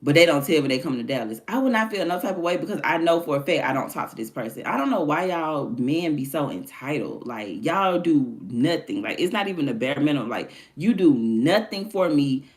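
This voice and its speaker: A woman's voice: low-pitched, animated, a little fast, hardly any pauses. A woman hosting her own stream, chatting candidly and animatedly in casual slang. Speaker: livestream host. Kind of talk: casual chat.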